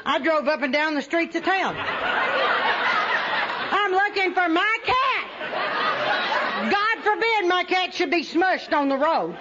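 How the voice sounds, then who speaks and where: A woman's voice: extremely high pitch, animated, takes it slowly, long pauses, over a noisy crowd, very noisy. A woman speaking at a recovery meeting, telling personal stories with humor and often laughing at herself. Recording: dull lo-fi recording with faint audience.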